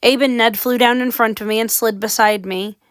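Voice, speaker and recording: A woman's voice: fairly high pitch, steady tone, normal speed, fairly bright tone, clear, resonant tone, dry recording. Woman reading a spooky story aloud. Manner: dramatic, suspenseful reading. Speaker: audiobook reader. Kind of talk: read-aloud horror story narration.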